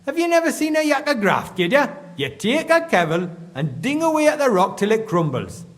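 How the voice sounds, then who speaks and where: An actor playing a gruff, suspicious middle-aged mine foreman with a Geordie accent and blunt dialect slang. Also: very high voice, big pitch swings, normal speed, big-room sound.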